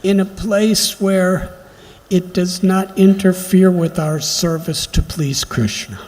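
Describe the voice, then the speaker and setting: A man giving a devotional lecture, telling stories slowly and reflectively with emphatic pauses. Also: high-pitched, darkish tone. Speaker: spiritual lecturer. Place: temple hall during a pilgrimage. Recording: long hall reverb, faint background noise.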